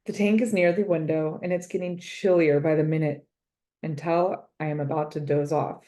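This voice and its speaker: A woman reading a children's storybook aloud, expressive and drawing out words for effect. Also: low voice, moderate pace. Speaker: storybook reader.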